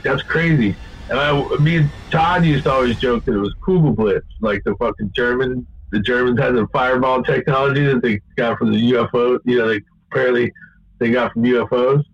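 In casual conversation, a man rambles through a long story, swearing often and becoming animated whenever he quotes someone. His voice is mid-range, and the audio sounds dull.

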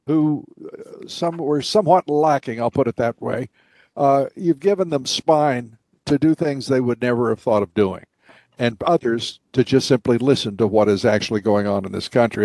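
Male host, measured commanding delivery, dry studio sound. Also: medium pitch, a little mellow, no echo. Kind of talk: broadcast commentary and interview.

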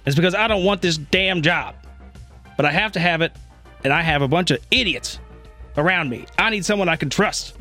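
A man's voice: sits high, moderate pace, faint music behind, voice pushed up. A man voicing a hot-tempered older general who barks and curses. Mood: angry rant. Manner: yelling, profane, brusque.

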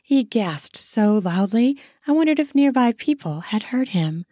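A woman narrating a first-person erotic audio story in an intimate, soft, drawn-out manner. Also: fairly high pitch, sing-song, no echo, studio quality.

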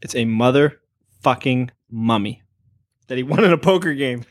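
A man's voice: medium pitch, moderate pace. Male podcast co-host, mid-range voice, dry and profane sidekick energy. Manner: wry, profane quips. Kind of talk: casual chat recapping a horror episode.

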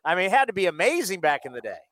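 A man's voice: high-pitched, big pitch swings, very fast, fairly bright tone, dry recording. A man co-hosting a sports radio show, musing in a rambling, hesitant way. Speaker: radio co-host. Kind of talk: casual sports radio chat.

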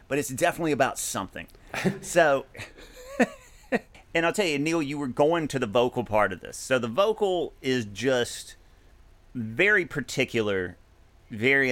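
Man, casual music chat, animated, swears, middle pitch. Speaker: podcast co-host.

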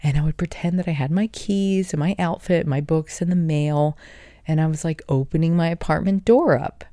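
Woman host, mellow voice, dry close sound, reflective motivational talker. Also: deep voice, normal speed, dry recording. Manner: reflective, earnest, self-help tone. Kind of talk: motivational monologue.

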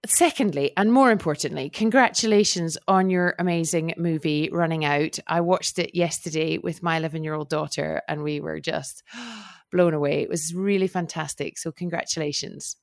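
A woman's voice: low voice, normal speed, vocal fry. A middle-aged woman hosting a podcast, talking in a gushing, enthusiastic and chatty way. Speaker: podcast host. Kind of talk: casual podcast interview.

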